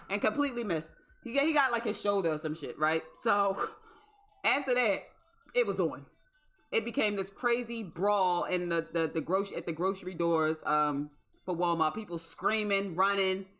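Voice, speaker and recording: A woman's voice: medium pitch, animated, a little slow, sharp tone. A young adult woman livestreaming, telling a story in a casual, exclamatory, profane way. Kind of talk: casual storytelling to a live stream.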